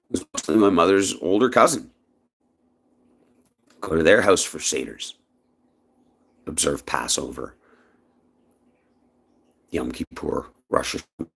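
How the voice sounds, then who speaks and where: A man from Canada giving an impassioned personal monologue in his own vlog, speaking emphatically. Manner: emphatic, impassioned, lively swings in pitch. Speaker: vlogger.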